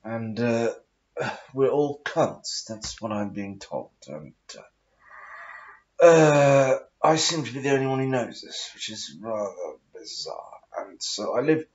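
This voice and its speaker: A man's voice: medium pitch, very animated, slow, highs cut off. Man in a put-on posh voice. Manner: affected posh aristocratic put-on voice; swears often, meandering. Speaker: vlogger. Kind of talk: rambling casual monologue.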